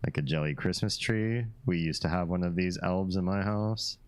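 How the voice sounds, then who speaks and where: A man with a very low, deep voice talks easily with his live-stream audience. He is relaxed and chatty, reads out viewer comments and laughs often as he goes. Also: normal speed.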